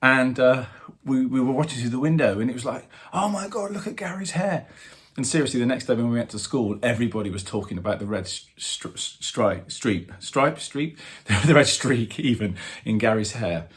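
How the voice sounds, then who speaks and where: A man in his fifties, a drummer hosting his own channel, telling a story with animated fan excitement and lots of fillers. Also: mid-range voice, moderate pace. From England. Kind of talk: casual storytelling to camera.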